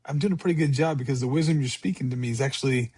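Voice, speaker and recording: A man's voice: mid-range voice, rapid-fire, mellow, husky, no echo. A man in his forties, a podcast guest, telling his story in an earnest, conversational way, repeating words and quoting himself aloud. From California.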